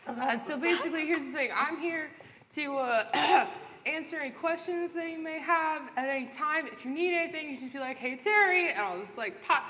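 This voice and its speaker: A casual, talkative male ghost who rambles on in a high, upbeat voice, as a woman puts him on. He sounds like an office worker explaining the rules. The sound carries the long reverb of a big hall, with faint noise behind it. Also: normal speed, sharp tone. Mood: chatty. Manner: rambling, upbeat, filler-heavy.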